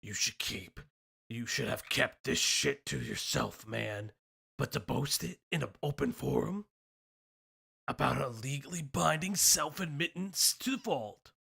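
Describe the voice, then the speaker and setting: A man reading out an angry message in a put-on low, muttering voice as an anonymous male troll. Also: wildly swooping pitch, measured pace, vocal fry, bright, forceful tone, slightly rough, full character voice. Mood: menacing.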